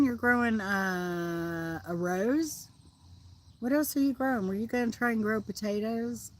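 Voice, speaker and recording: Outdoors on her livestream, a middle-aged Southern woman chats and rambles in a casual way. She has a fairly high voice and keeps a measured pace.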